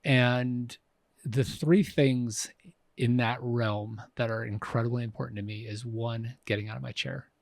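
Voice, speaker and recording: A man in his fifties co-hosting a podcast speaks a little slowly in a steady, gravelly, medium-pitched voice on a dry recording. He talks casually and reflectively, often using fillers and restarting what he's saying.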